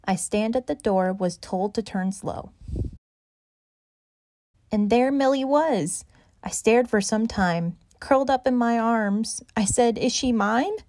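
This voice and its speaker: A woman reading aloud children's stories in a bright, expressive, rhythmic way. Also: fairly high pitch, takes it slowly, no echo. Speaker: children's story reader. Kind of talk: read-aloud storytelling.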